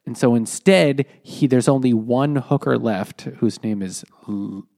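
A man's voice: medium pitch, unhurried, vocal fry, mellow. Man, casual plot recap, rambling, laughs while telling.

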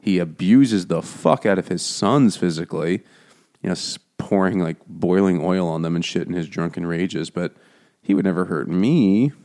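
A man's voice: low-pitched, normal speed, darkish tone. A man on a book podcast giving wry, profane commentary in casual chat. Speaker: podcast co-host.

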